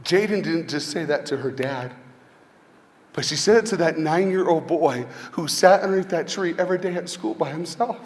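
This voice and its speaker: A male motivational speaker giving an inspirational speech to a school audience, telling personal stories and asking rhetorical questions. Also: a little high. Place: large hall with an audience. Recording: long hall reverb, faint ambience.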